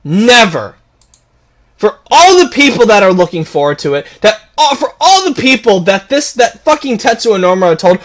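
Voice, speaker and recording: A man's voice: high-pitched, big pitch swings, moderate pace, a bit bright. A man delivering a heated, profane rant to camera as a gaming video creator, repeating himself and stumbling over restarts. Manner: heated, repetitive, profane ranting with stammered restarts.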